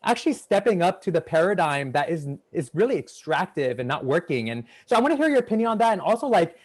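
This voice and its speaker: A man's voice: high-pitched, sing-song, quick pace, husky. A man hosting a casual interview, asking long, rambling questions in an earnest, enthusiastic way. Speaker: podcast host.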